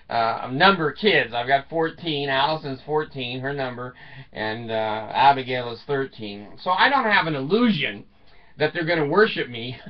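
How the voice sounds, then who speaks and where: A man in his seventies telling rambling comic stories, chuckling often and swearing casually. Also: a little high. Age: 70s. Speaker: storyteller. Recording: dull lo-fi sound, distant from the mic.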